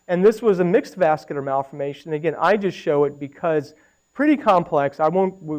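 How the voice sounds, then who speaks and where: A middle-aged man, fairly high-voiced, lectures on medical imaging. He talks easily and conversationally, stepping through scans and pausing to ask the room questions. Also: darkish tone, poor audio. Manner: conversational, with anecdotes and audience questions. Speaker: radiology lecturer.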